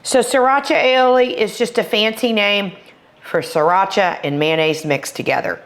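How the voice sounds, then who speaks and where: A woman's voice: medium pitch, moderate pace. Chatty Texan woman demonstrating recipes. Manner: chatty, enthusiastic, homey. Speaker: cooking show host. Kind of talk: cooking demonstration.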